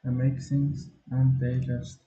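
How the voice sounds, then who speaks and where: A man's voice: medium pitch, monotone, slow, warm tone, echoey room, highs cut off. A tired man with a Chinese accent, muttering in weary frustration during a casual screen-recording vlog.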